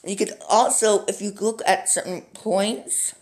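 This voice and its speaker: A young male voice giving unhurried, drawn-out commentary over a map strategy game at home. He rambles from point to point and sprinkles "like" everywhere. The delivery is loose and casual rather than scripted. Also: high-pitched, steady tone. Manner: rambling and easily sidetracked, full of "like". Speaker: gaming commentator.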